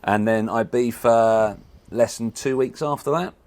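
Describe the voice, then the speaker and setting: Guy hosting a podcast, asks stuff, lots of quick yeah yeah. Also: medium pitch, darkish tone. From England. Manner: asks questions, quick affirming interjections. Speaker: podcast host. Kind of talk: casual interview.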